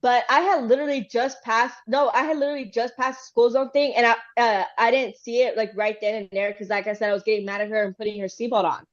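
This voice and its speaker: A woman's voice: a little high, fast talker, hardly any pauses. Laughing woman telling stories, lo-fi sound. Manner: animated storytelling with frequent laughter. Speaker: podcast host. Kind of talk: casual chat.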